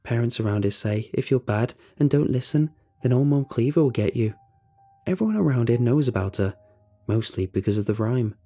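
A man voicing a calm, thoughtful younger boy who speaks evenly and quietly. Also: mid-range voice, fairly quick, breathy edge. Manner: even, reflective.

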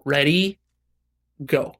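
A man's voice: on the high side, extremely slow, fairly bright tone. Blunt man coaching self-help affirmations. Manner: blunt, coaching, leads repeat-after-me affirmations. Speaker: self-help video host. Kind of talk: direct-to-camera self-help talk.

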